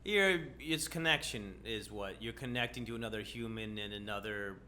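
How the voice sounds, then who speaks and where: Rambling man with a bright voice. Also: lowish voice, normal speed, slight background noise. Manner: rambling, trails off, repeats words. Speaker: comedian and podcast co-host. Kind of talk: casual panel chat.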